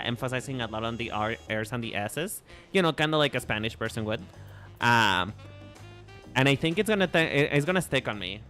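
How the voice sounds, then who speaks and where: A man streaming as a VTuber banters with his audience during a game, playful and teasing, often restarting and repeating himself. His mid-range voice sounds pushed and bright.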